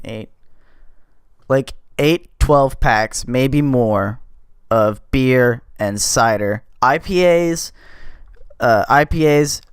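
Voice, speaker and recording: A male podcast host spins a rowdy anecdote at an unhurried pace, loose and profane, his voice climbing in volume as the tale heats up. The sound is close and dry, with no room around it. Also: medium pitch, smooth, no room sound. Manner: animated, profane, gets louder as the story builds. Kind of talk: casual storytelling monologue.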